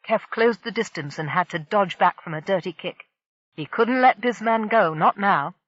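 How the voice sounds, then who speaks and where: A woman narrating a science fiction audiobook in a steady, dramatic reading style. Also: medium pitch, normal speed, no room sound, lo-fi sound. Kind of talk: scripted narration.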